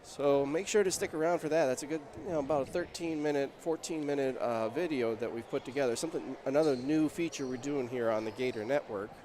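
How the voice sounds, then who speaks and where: A man calling a local high school basketball game play-by-play, chatty and getting louder on big plays. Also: quick pace, hardly any pauses. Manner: chatty, rises in pitch and volume on big plays. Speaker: play-by-play announcer. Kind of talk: play-by-play commentary.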